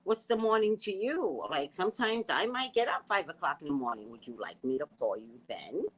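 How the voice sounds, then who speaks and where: A woman in her sixties chatting casually with her audience, snarky and animated, telling stories full of quoted dialogue, with a slight lisp from a missing tooth. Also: sits low, brisk, low-quality recording. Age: 60s. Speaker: livestream host reading viewer comments. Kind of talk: casual chat.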